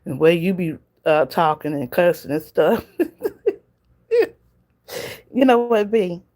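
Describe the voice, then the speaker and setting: This livestream host, a woman from the Southern United States with a Southern accent, talks straight to her chat viewers and laughs often on a casual stream. Her voice sits on the low side and is a little mellow, with lively intonation at a moderate pace.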